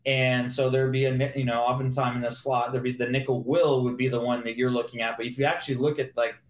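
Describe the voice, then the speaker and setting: A man's voice: medium pitch, flat delivery, fast. A man, a former pro football receiver, chatting casually as a guest and acting out old locker-room talks while he explains plays. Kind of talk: casual sports chat. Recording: roomy echo.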